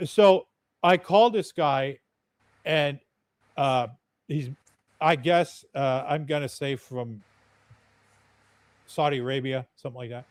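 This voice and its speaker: A man's voice: medium pitch, slow, pauses often, no echo. A man telling a story as a podcast guest in a blunt, chatty, profane way. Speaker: podcast guest, UFO videographer. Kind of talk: casual storytelling.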